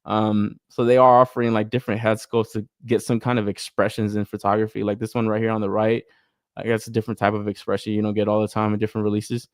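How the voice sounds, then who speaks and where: A man's voice: lowish voice, quick pace, dry recording, studio quality. A young man hosting a collector podcast in casual chat, swearing freely, laughing often and getting worked up as he tells stories and reads chat messages. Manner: profane, laughs often, excitable storytelling. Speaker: podcast host reading live chat.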